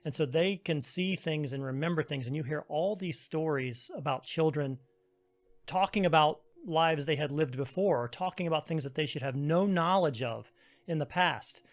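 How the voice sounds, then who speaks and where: A man's voice: a little high, normal speed. Man co-host asking rambling questions. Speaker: podcast co-host. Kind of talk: casual podcast conversation.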